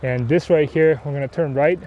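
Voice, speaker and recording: A man's voice: a little high, steady tone, a little fast, dull audio. Rambling man chatting while cycling. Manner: rambling, self-deprecating, many fillers. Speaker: cycling vlogger. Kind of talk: casual chat while riding. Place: outdoors on a road, riding a bike. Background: wind and faint traffic.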